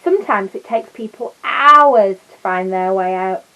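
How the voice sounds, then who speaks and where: A woman voicing a kindly, courteous older gentleman in a storybook read-aloud. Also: mid-range voice, animated, measured pace, poor audio.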